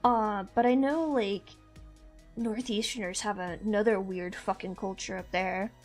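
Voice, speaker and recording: Her mid-range voice stays steady in tone, measured in pace, and darkish. She's a young stream host with a blended Midwestern-Southern American accent, rambling through casual chat with frequent laughter as faint music plays underneath.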